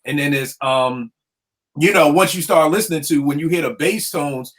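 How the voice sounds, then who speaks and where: A man with a slightly raised voice chats casually as a host, storytelling in animated slang. He talks like a producer about beats and remembers songs with plenty of energy. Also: fairly high pitch, normal speed. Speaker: podcast host; hip hop producer. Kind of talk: casual chat.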